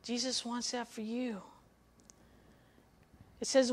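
A woman's voice: mid-range voice, lively intonation, unhurried. A woman giving a weekly devotional sermon, teaching from the Bible in an earnest, emphatic way. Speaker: devotional speaker.

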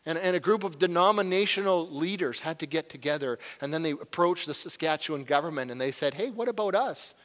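Man, pastor, earnest sermon, higher voice, reverberant hall. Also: fast talker, hardly any pauses, fairly bright tone. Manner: earnest, confessional, rising to urgent.

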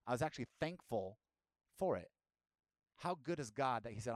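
A man's voice: mid-range voice, animated, moderate pace, dry recording. A man preaching a sermon as pastor, asking the listeners direct questions and rising into emphatic bursts.

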